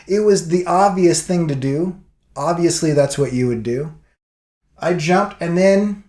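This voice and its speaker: Animated man telling a story, echoey room. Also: on the high side. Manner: animated storyteller acting out quotes. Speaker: vlogger. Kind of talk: casual storytelling.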